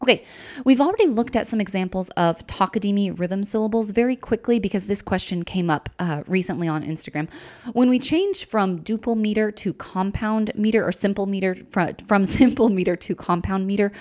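A woman talks through music teaching ideas on a podcast in a methodical lecture style. She lays out each point clearly and steps through examples at a mid pitch. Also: fairly quick, a little mellow. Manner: clear, methodical, explains step by step. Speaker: music education podcast host.

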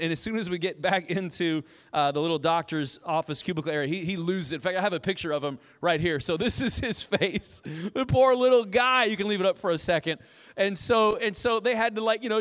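A man in his thirties preaching a sermon as pastor, telling stories in an animated way and quoting himself. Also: sits high, clean tone. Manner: animated, storytelling with self-quotes. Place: church auditorium. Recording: long reverb of a large hall.

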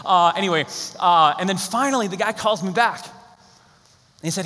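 A young man preaching a sermon as a pastor, telling stories with animated, acted-out quotes. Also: sits high, a little fast, big-room sound. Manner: animated storytelling, acts out quotes.

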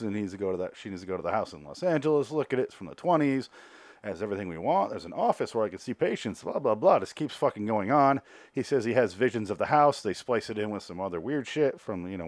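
Podcast host, male, lowish voice, loose and sarcastic, swears freely; dry close recording. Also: a little mellow, no echo. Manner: rambling, sarcastic, acts out characters' lines in quick asides. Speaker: podcast host reviewing a TV show. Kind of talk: casual profane recap.

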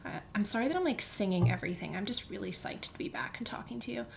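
Chatty woman host at home on a mic, bubbly, says like a lot, slips into whispers, faint low rumble behind. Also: fast talker, creaky, hardly any pauses. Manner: chatty and excitable, lots of "like", often drops to a near whisper. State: recovering from illness, walking with a limp. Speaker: podcast host. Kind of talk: casual solo podcast chat. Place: home, seated in a comfy chair. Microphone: studio microphone.

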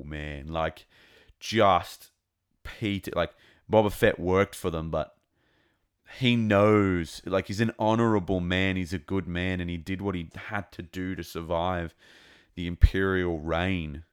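A man giving a casual, rambling and excitable review of a TV episode. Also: low voice, slow, clean tone. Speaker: show reviewer.

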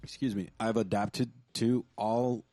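A man who drums in the band, answering interview questions in a relaxed, rambling way. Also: lowish voice, measured pace, no echo. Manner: laid-back, rambling, lots of fillers. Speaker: band drummer, guest. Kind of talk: casual interview chat.

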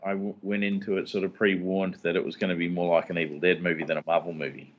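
A man with a very low voice co-hosts a relaxed podcast about scripture. He jokes, chuckles, and drifts into loose, rambling asides. His audio sounds dull and muffled, like a lo-fi recording. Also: quick pace, hardly any pauses. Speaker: podcast co-host. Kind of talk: casual chat about scripture.

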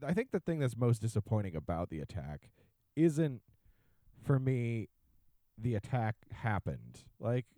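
Guy cohosting a podcast, ranting, does silly mock voices, warm low tone. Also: big pitch swings, measured pace, dry recording. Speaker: podcast co-host. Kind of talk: casual chat.

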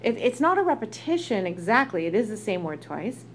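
A woman's voice: mid-range voice, big pitch swings, a little fast, slight background noise. A woman teaching a text study in a chatty way, reading verses aloud and translating them with asides. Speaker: Torah teacher.

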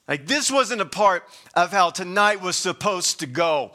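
A man's voice: a little high, measured pace, sharp tone. A middle-aged man preaching a sermon as pastor, conversational, with frequent restarts and rising emphasis.

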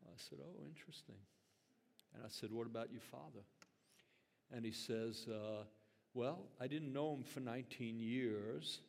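A man's voice: medium pitch, a little slow, gravelly, darkish tone. An older man, a grandfather and pastor, telling a story in a conversational, earnest sermon full of fillers. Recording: long hall reverb.

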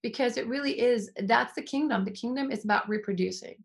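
A woman's voice: a little high, fairly quick, vocal fry. A woman hosting a faith-based podcast, speaking earnestly and effusively with frequent restarts. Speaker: host.

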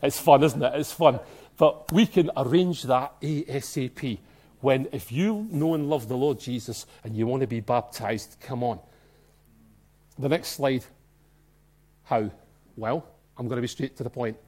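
A man with a Glasgow Scottish accent preaching a sermon in a church, emphatic and excitable, swinging between soft and loud. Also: medium pitch, measured pace, pauses often. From Scotland. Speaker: pastor.

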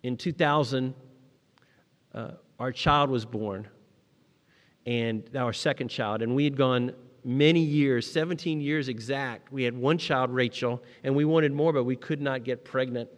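A middle-aged man preaching a sermon, telling personal stories, rising to emphatic peaks and dropping to quiet moments. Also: mid-range voice, unhurried, big-room sound. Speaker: pastor.

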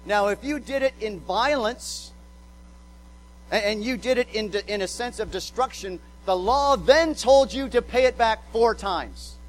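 A man's voice: high voice, a little slow, slight background noise, rough recording. A male pastor preaching a sermon, emphatic, repeating words as he drives points home and acting out quotes.

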